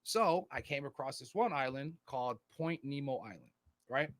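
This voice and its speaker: A man's voice: medium pitch, moderate pace, no room sound. A man co-hosting a podcast in casual chat, rambling and swearing freely. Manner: rambling, profane, slips into put-on voices. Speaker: podcast co-host.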